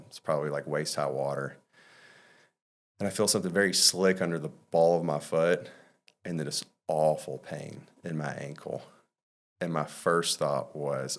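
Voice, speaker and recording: A man from Mississippi, a podcast guest telling stories in a loose, rambling way full of fillers and restarts. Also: a bass voice. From Mississippi, USA. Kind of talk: casual storytelling.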